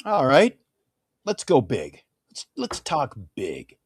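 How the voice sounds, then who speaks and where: A man's voice: mid-range voice, wildly swooping pitch, slow pace, breathy edge. A man co-hosting a casual sports talk stream, opinionated and emphatic, often turning to the host by name.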